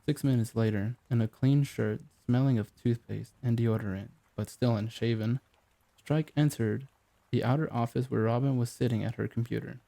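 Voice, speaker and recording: A man reading a novel aloud as an audiobook narrator, in a measured, even delivery. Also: medium pitch, creaky. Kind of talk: scripted narration.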